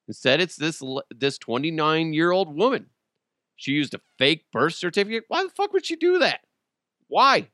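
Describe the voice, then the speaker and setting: Profane joking podcast host. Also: male voice, fairly high pitch, pushed and bright, no room sound, studio quality. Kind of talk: casual solo podcast chat.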